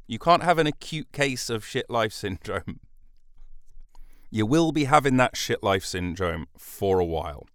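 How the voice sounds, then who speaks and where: A man rambles alone on his comedy podcast, swearing and circling back on himself mid-sentence. His voice sits fairly low and comes through smooth and resonant, recorded close and dry with no room sound. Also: animated, a little slow, a bit bright, no room sound. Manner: meandering, self-interrupting, sweary. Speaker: podcast host.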